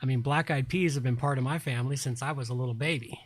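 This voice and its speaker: A man's voice: medium pitch, quick pace, slightly rough. Tipsy man with a faint Southern drawl. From Southern United States. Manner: jovial, rambling, joking. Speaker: stream host. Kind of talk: casual chat.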